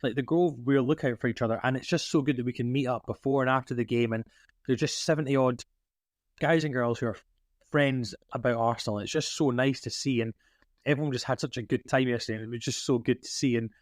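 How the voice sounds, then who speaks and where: A man hosting a casual fan podcast, talking excitedly and rambling with frequent restarts. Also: mid-range voice, fast talker, no room sound, clean studio sound. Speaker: podcast host.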